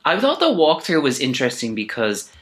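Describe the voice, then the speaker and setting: Bright-voiced man chatting animatedly. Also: mid-range voice, brisk. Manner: animated, gossipy, breaks into mock impressions. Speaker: podcast panelist. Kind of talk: casual chat.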